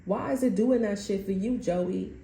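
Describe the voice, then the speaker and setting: A woman's voice: medium pitch, normal speed, gravelly, warm tone. A woman giving a reading in casual chat, telling a story in loose, profane slang and laughing often. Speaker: tarot reader. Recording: echoey room, faint noise.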